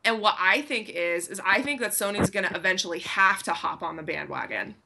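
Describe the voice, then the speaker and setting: A woman's voice: mid-range voice, lively intonation, a little fast, vocal fry. Female podcast co-host, conversational, noisy line. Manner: chatty, raises a topic for discussion. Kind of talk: casual chat. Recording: audible background noise.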